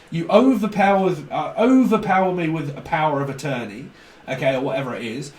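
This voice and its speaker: A man's voice: sits high, a little mellow, recorded from a distance. A man reading tarot in casual chat, acting out both sides of arguments and swearing freely. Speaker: tarot reader. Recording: echoey room, voice off-mic.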